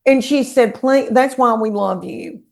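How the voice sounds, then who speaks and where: A woman's voice: on the high side, unhurried, gravelly, a crowd in the background. A woman with a Southern American accent, a comedian telling folksy stories in a casual podcast chat. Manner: folksy, animated storyteller. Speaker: guest comedian.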